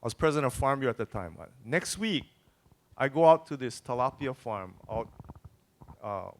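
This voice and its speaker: A man's voice: mid-range voice, very animated, normal speed. A man telling chatty anecdotes as a panelist at an event. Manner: chatty anecdotes with quoted dialogue. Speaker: panelist, former farm bureau president. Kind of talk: casual storytelling on a panel.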